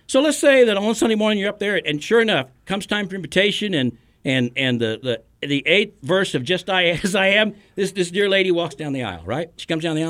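A man's voice: high voice, expressive, a little fast, hardly any pauses, a bit bright. A middle-aged man, a pastor hosting a podcast, who teaches in an earnest, storytelling way and chuckles between points.

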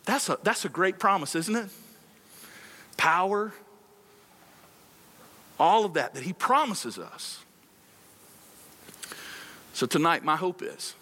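High, bright-voiced preacher. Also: male voice. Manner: passionate, repetitive preaching. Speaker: pastor. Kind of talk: sermon.

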